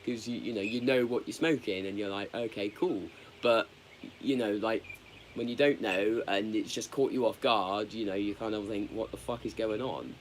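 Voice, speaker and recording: A man chatting candidly on a live stream, rambling and halting. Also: lowish voice, fairly even intonation, slight background noise. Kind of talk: casual live stream chat.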